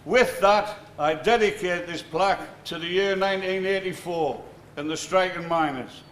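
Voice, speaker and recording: A man giving a formal commemorative speech in a measured, deliberate way. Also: high voice, fairly bright tone. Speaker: speaker at plaque dedication. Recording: echoey room with faint noise.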